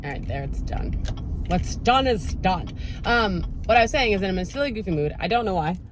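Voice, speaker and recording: A woman's voice: medium pitch, animated, brisk. Rambling, swearing vlogger woman in a car. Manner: rambling, chatty, self-mocking, swears casually. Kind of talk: casual chat. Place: inside a car in her neighborhood. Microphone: camera mounted in the car. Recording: noisy car interior. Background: car and road noise.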